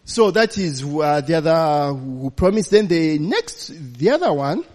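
A man's voice: a little high, very animated, unhurried, a little mellow, long reverb tail. A man preaching a storytelling sermon, chatty and laughing, often tagging lines with "you know, eh?".

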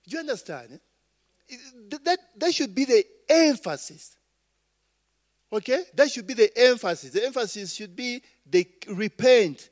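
Slow-talking Ugandan preacher man. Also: high-pitched. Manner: rambling, call-and-response asides, frequent "eh?" and "okay?". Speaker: pastor. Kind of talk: sermon.

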